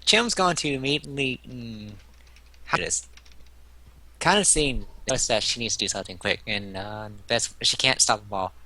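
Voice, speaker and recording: Excitable male player, bright sharp tone, dry close recording. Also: medium pitch, normal speed, no room sound. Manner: excitable, swears, animated. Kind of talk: tabletop game play.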